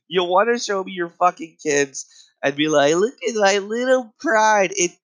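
A man's voice: a little high, fairly bright tone, poor audio. A man delivering a profane, exasperated comedic rant, angry and swearing constantly.

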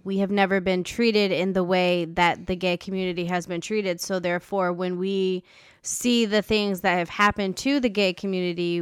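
Emphatic sarcastic Midwestern woman, smooth voice. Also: on the low side, no room sound, clean studio sound. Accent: Ohio Midwestern. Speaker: podcast co-host. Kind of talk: casual chat.

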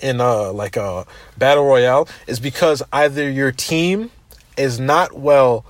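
A man's voice: medium pitch, unhurried, no room sound. A man co-hosting a casual gaming podcast, explaining his views at length. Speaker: podcast co-host. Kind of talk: casual chat.

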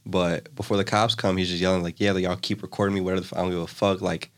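Young guy with a really low voice just chatting, telling a story all loose and rambly, tons of "like"s. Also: very fast. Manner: relaxed, rambling retelling full of "like" fillers. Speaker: storyteller in casual conversation. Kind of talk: casual chat.

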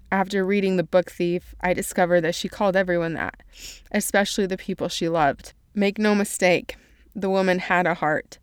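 Woman reader, tearful, summarizing and quoting a novel; lowish, smooth and dry. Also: no room sound. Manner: emotional, tearful at moments. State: crying. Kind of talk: reading and summarizing a novel aloud.

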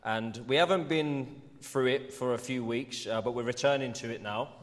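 A man's voice: mid-range voice, normal speed. A man leading a church service as pastor, introducing a reading in a friendly, informal way. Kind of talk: sermon. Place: church hall. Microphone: clip-on mic. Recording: echoey church hall.

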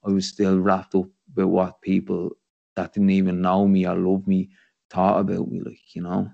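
Dublin guy hosting a podcast, low gravelly voice, thinking out loud, dry dull sound. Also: monotone, normal speed, dry recording. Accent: Irish, Dublin. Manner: reflective, rambling, says "you know what I mean" often. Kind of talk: casual podcast conversation.

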